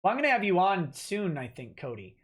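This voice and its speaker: A man's voice: high voice, sing-song, fairly quick. A man hosting a livestream, reading donor messages aloud and replying off the cuff with many fillers and restarts. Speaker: livestream host reading donations. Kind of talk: casual livestream chat.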